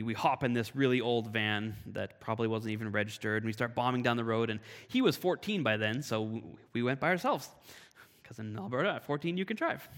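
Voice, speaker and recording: A man from Canada giving a sermon, telling a personal story in a lively, animated way. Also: mid-range voice. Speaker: pastor. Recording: long hall reverb.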